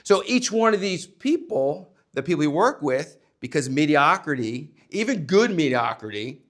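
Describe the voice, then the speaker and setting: A man and former coach giving a motivational talk to young people, emphatic, swinging between loud and hushed delivery. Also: on the high side, very animated, normal speed.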